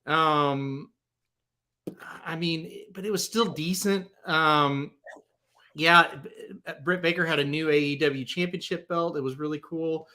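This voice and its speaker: A man's voice: on the high side, steady tone, a little slow, pushed and bright. A young man hosting a casual sports podcast, chatting eagerly through a recap with frequent ums. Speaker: podcast host.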